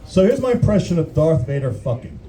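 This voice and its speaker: A man's voice: fairly high pitch, big pitch swings, fairly quick, background noise. A man doing a crude, rambling stand-up comedy routine, often restarting his sentences. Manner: rambling, crude, self-interrupting.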